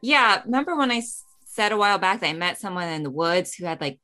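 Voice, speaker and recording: A woman's voice: mid-range voice, expressive, fast talker, sharp tone. A woman playing in a tabletop game, talking casually with some hesitation. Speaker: player.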